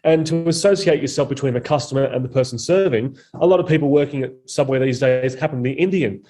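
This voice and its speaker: A man's voice: mid-range voice, fast talker, dark tone. A man, a comedian guest on a podcast, speaking bluntly and opinionatedly and swearing freely in casual conversation.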